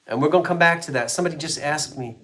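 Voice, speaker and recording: A man's voice: on the high side, racing, pushed and bright. A man selling antiques in a live online auction, describing each item in a chatty, rambling way with homey jokes and asides. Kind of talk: casual live sale presentation.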